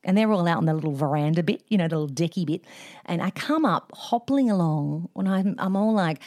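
A woman with an Australian accent, co-hosting a podcast and telling a story in an animated, laughing way. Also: fairly low pitch, brisk, dry recording, studio quality. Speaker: podcast co-host. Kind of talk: casual storytelling chat.

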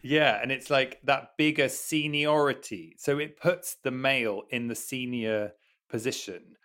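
A man's voice: medium pitch, unhurried, a bit bright. A man, a guest and new father, thinking aloud in a casual chat with lots of hedging fillers.

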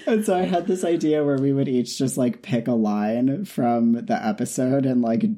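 A man at a middle pitch, chatting easily as a podcast co-host and sign-off voice. His talk is loose and friendly, broken up by frequent laughter. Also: normal speed. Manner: relaxed, laughs often while talking. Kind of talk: casual podcast chat.

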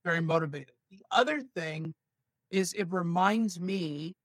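A male stand-up comedian from Los Angeles, telling stories with animated asides in a casual podcast chat. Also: high-pitched, a little slow, dry recording. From San Fernando Valley, Los Angeles.

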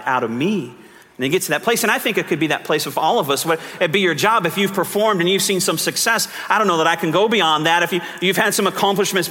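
Bright-voiced pastor preaching in a reverberant church. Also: male voice, high-pitched. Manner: earnest, conversational preaching with many restarts. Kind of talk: sermon. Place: church sanctuary.

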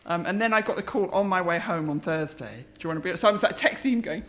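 A middle-aged woman speaks quickly in a fairly low voice. She chats as a guest in a chatty, self-deprecating way, often laughing through her anecdotes. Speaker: guest, singer. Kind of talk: casual chat.

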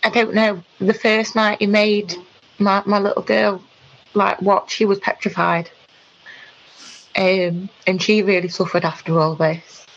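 Woman, halting speech, frequent ums, middling pitch, dull lo-fi recording. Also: level tone. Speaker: guest. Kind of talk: personal account in conversation.

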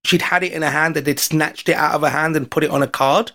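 A podcast guest from London, England tells an animated anecdote in a casual storytelling chat, acting out his own quoted lines. He has a fairly high voice and a quick pace.

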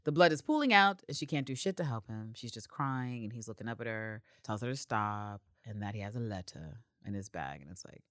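A woman co-hosting a podcast, recapping a show in casual chat, expressive and profane with mock exasperation. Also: rumbling low, brisk, hardly any pauses, dry recording, clean studio sound. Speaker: podcast co-host.

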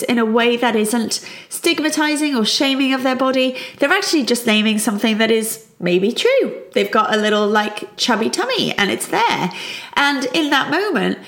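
A middle-aged woman, a child psychologist, calmly and reassuringly explaining parenting advice. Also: a little high. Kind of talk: parenting advice talk to camera.

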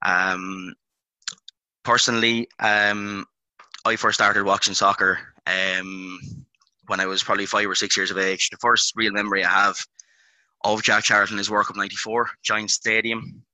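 A man's voice: lowish voice, level tone, normal speed, sharp tone, dry recording, rough recording. A young Irish man in his twenties hosting a casual sports podcast, rambling with lots of ums and uhs. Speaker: podcast host.

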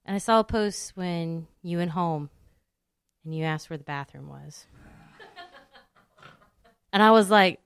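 A woman's voice: sits low, measured pace, gravelly, smooth, no room sound. A woman hosting a podcast interview, asking questions in a teasing, friendly way. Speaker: podcast host.

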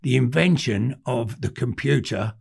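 An older man with a London accent, a podcast guest telling animated stories in cockney slang, swearing freely. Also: mid-range voice, measured pace. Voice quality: gravelly, husky. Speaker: podcast guest, former gangster. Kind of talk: casual storytelling.

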